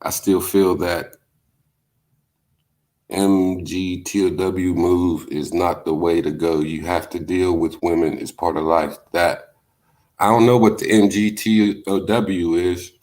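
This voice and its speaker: A laid-back man hosts a casual livestream in a very deep, slow voice. He drifts between rambling stories and viewer comments, swearing easily and padding every line with fillers. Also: fairly even intonation, a little mellow. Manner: laid-back, profane, drawn-out storytelling with many fillers. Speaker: livestream host. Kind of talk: casual chat, storytelling, reading comments.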